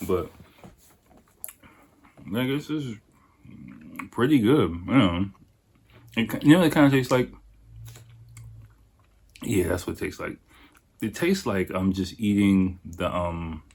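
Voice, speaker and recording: Male podcaster, very deep voice, loose and swearing, rambling food-tasting chat. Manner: profane, rambling, chatty. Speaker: podcast host.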